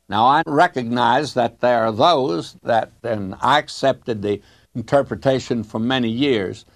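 A male radio Bible teacher with a folksy, storytelling delivery that drifts into side remarks. His pitch sits in a middling range. The sound is dry and close-miked. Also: no echo.

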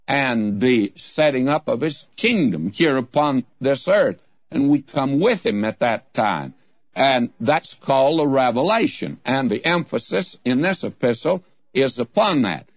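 A man's voice: medium pitch, dry recording. A man preaching in a folksy, storytelling way, teaching from the Bible with emphatic points. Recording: dry, slightly dull lo-fi recording.

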